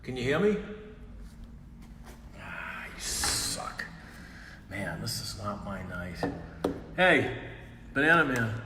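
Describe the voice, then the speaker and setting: A man hosting a live stream, exasperated, shouting for an answer and muttering curses under his breath. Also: on the low side, sing-song, takes it slowly, pauses often. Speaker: stream host. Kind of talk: casual live-stream comedy bit. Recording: echoey room with long reverb, faint hiss.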